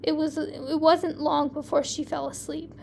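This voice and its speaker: A woman hosting a podcast, reading her fan fiction aloud in a plain, even storytelling way with small slips. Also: high voice, measured pace, gravelly, slight background noise.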